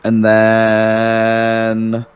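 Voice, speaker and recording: A man's voice: on the low side, monotone, drawn-out words, clear, resonant tone. A young man as a podcast guest, laid-back and easygoing, laughing often in casual chat. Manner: laid-back, laughs easily, says "dude". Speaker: guest streamer.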